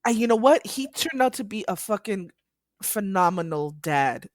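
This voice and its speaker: A woman's voice: mid-range voice, animated, moderate pace, dry recording, studio quality. A woman co-hosting a podcast, talking casually about films in an outspoken, emphatic way. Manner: outspoken, emphatic, laughs easily. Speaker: podcast co-host. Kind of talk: casual film chat.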